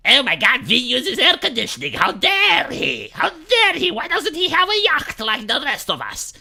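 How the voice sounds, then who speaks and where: A woman's voice: high voice, big pitch swings, normal speed, vocal fry, pushed and bright, heavily acted. A woman putting on the voice of a preachy, wealthy celebrity who scolds ordinary people in mock outrage. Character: preachy rich celebrity lecturing the public.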